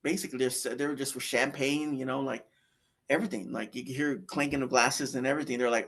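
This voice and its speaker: A man's voice: medium pitch, steady tone, fast, a bit bright. A man telling his near-death story in a casual, rambling way, with many fillers and restarts. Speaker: guest sharing a near-death experience.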